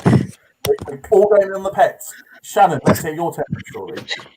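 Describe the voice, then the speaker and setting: A man's voice: sits high, measured pace, heavy background noise. A man hosting an improv comedy game show, hesitant and full of filler sounds as he sets the tasks and hands out points.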